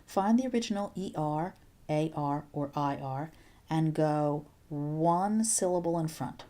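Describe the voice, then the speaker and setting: A woman teaching a recorded video lesson, walking through each step patiently and clearly, with the odd playful aside. Her voice sits a little low and sounds mellow and soft-edged. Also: unhurried. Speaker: Spanish teacher.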